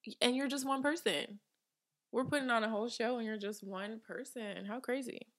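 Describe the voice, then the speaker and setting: A woman's voice: fairly high pitch, moderate pace, a bit bright. A young woman in her twenties hosts a casual podcast from her apartment studio. She talks in a chatty, emphatic way and laughs often as she goes. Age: 20s. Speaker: podcast host. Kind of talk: casual chat.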